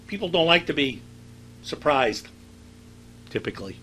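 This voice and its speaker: A middle-aged man lectures to a class in a loose, storytelling way, often pausing on "uh" and "you know". His voice is bright and forward. A faint steady hum sits under the recording. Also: fairly high pitch, low-quality recording. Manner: conversational, anecdotal, with frequent fillers. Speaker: university lecturer.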